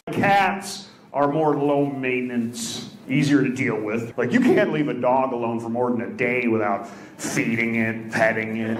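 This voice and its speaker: Guy doing stand-up on a club stage, dry deadpan jokes, ribbing the crowd, handheld mic, audience laughing loud. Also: medium pitch, roomy sound, noisy background. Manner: deadpan punchlines, teasing banter with the audience. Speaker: stand-up comedian. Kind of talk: stand-up routine with crowd work.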